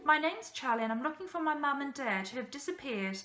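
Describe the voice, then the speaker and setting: A woman's voice: high voice, expressive, brisk, bright, forceful tone, reverberant, voice pushed up. A woman voicing an eager, clever young boy who politely rattles off everything he can do. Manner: polite, rattling off his skills.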